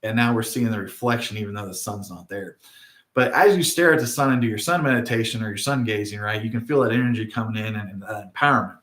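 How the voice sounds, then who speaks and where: A man's voice: fairly low pitch, fast, a bit bright. A middle-aged man hosting a spiritual video, telling a story in a casual, digressive way and often checking in with "right?". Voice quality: frequent tag questions, digressive storytelling. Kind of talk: casual rambling monologue. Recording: roomy echo.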